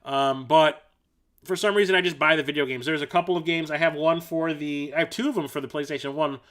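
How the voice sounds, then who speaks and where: A man's voice: fairly high pitch, fairly even intonation, fairly quick, a bit bright. A man hosting a casual livestream, rambling enthusiastically through his collection with fillers, self-corrections and blunt, mildly profane remarks. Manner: blunt and casual, with mild swearing. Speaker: livestream host showing his game collection.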